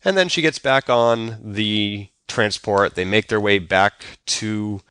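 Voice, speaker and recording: A man's voice: lowish voice, takes it slowly, pushed and bright, clean tone, dry recording. A man co-hosting a podcast, recapping a TV episode in casual, joking chat. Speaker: podcast co-host.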